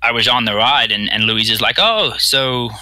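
Guest, male, from Bermuda, slight American accent, forceful bright voice, dry close sound, rambling storyteller. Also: fairly low pitch, level tone, fairly quick, dry recording, poor audio. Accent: American-tinged. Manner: rambling, repeats words, acts out quotes. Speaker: guest, professional triathlete. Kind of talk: casual storytelling interview.

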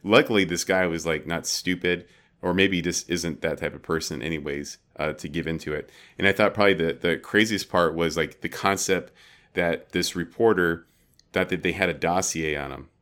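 A man's voice: low voice, moderate pace, a bit bright. A man co-hosting a podcast, talking in a casual, rambling way with many filler words. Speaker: podcast co-host. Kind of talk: casual chat.

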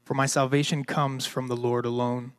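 A man reading scripture aloud slowly and steadily, heard at a distance. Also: mid-range voice, little pitch movement, smooth.

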